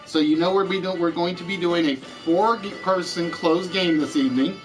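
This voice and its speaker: Over music on a rough recording, a man with a Southern US accent hosts a live-streamed trivia game show. His voice is high-pitched and moderately paced as he chats with viewers and answers their comments along the way.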